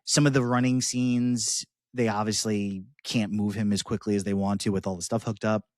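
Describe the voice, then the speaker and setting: A man with a lowish voice co-hosts a casual movie podcast, circling his points with plenty of "like" and "um." The sound is dry and close, with no room around it. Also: flat delivery, normal speed, darkish tone, no room sound. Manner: rambling, many fillers and restarts. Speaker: podcast co-host. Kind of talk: casual film review chat.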